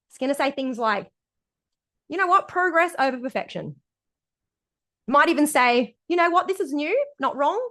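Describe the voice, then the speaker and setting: A woman's voice: sits high, fairly bright tone. A woman, a mindset coach giving a recorded masterclass talk, emphatic and sweary, often checking in with "okay?" and "right?".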